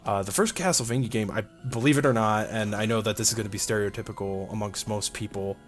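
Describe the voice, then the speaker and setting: A man's voice: on the low side, quick pace. A man hosting a video game playthrough, chatting casually and rambling with lots of fillers. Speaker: let's play host. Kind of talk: casual gameplay commentary. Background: game music.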